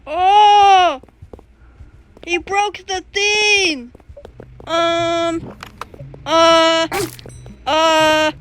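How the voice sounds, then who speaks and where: A young woman commenting as she plays a video game, excitable and panicky and full of nervous filler sounds. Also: very high-pitched, drawn-out words, pauses often, slight background noise. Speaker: gamer playing a video game. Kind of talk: gameplay commentary. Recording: game music playing clearly behind.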